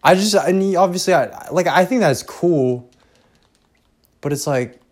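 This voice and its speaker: A man's voice: sits high, a little slow. A young man hosting a podcast alone, rambling casually with lots of swearing and self-deprecating asides. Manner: profane, self-deprecating, trailing off. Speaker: podcast host. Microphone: headphones and home recording setup.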